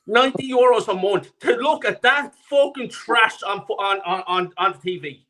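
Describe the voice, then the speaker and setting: High-pitched, angry, swearing caller. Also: male voice, lively intonation, a little slow, bright, forceful tone. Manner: angry, profane, repetitive ranting. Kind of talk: ranting call-in chat.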